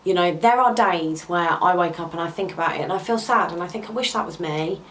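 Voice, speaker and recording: Young woman confiding, heartfelt and low. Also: a little fast, a bit bright, poor audio. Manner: heartfelt and confiding, with hesitant ums. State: close to tears at times. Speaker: vlogger. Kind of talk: candid personal talk to camera.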